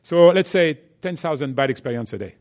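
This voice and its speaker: A man's voice: on the high side, expressive, brisk, a little mellow. A man with a French accent, a company executive giving a chatty business talk to students, full of fillers and "right?" check-ins.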